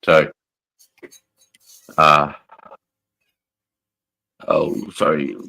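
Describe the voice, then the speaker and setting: A man's voice: a bass voice, completely flat delivery, drawn-out words, vocal fry, sharp tone, low-quality recording. A middle-aged Australian man, an army veteran, hosting a casual livestream, blunt and swearing freely as he chats and reads out comments. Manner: blunt, heavy swearing, matey.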